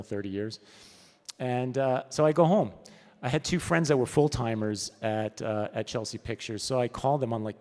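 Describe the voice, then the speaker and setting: A man's voice: medium pitch, a little mellow. A man giving a conference talk as a storyboard artist, telling anecdotes in a casual, chatty way with frequent "right?" asides. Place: event hall. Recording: long hall reverb.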